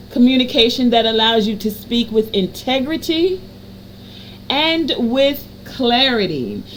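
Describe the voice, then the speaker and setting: A woman giving a card reading to a general audience, in a soothing, affirming voice that stacks phrases in repetitive lists and slows down to stress key words. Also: on the high side, a little hiss or hum, low-quality recording. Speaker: energy reader and healer.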